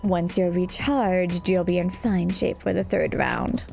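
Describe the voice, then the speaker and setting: A woman voicing a cruel, amused monstrous sponsor in a game, drawing out each word with slow menace. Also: on the low side, animated, vocal fry, a little mellow, soft background music, full character voice. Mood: gloating. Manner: slow, drawn-out menacing delivery.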